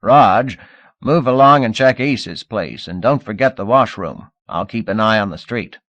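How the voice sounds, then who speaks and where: A man voicing a gruff, gossipy male police sergeant who speaks loudly and drags out his lines. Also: on the low side, animated, dry recording, highs cut off, pitched above the performer's own voice. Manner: loud, folksy, drawn-out lines.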